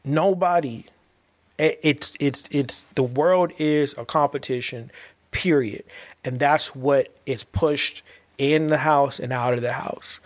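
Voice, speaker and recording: An earnest man speaks as a father in a heartfelt monologue, with a mid-pitched voice. He keeps circling back and restarting phrases, pressing his points with emphasis. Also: takes it slowly.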